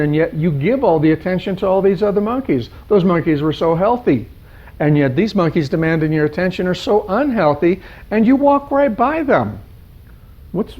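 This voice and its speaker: A man's voice: high voice, breathy edge, pitched above the performer's own voice, full character voice. A man voicing an indignant young man who questions a zookeeper in pleading, exasperated tones. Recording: dull lo-fi sound.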